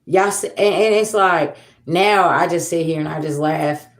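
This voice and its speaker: A woman's voice: low-pitched, measured pace, echoey room. A woman, hosting a casual tarot livestream and talking bluntly to viewers, swearing freely and with sass. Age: 40s. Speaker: tarot reader and livestream host.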